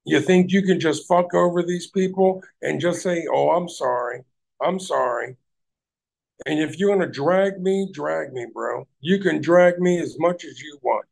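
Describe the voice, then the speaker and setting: A man's voice: high-pitched, normal speed, vocal fry, few pauses, a little mellow. A man hosting a livestream, ranting heatedly at people in his chat and swearing heavily. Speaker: livestream host.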